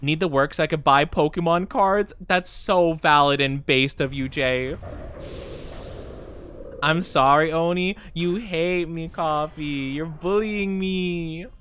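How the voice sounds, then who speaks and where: A man streaming a game, chatting playfully and reacting to viewers in a lively, chatty way. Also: a little high, unhurried, clean tone. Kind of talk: casual gaming stream chat.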